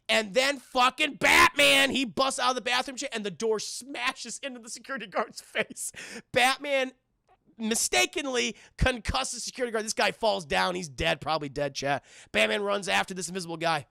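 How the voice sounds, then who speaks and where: A man on a live stream recapping a cartoon episode scene by scene, excitable and profane, constantly talking to his chat. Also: extremely high pitch, brisk, gravelly, dry recording.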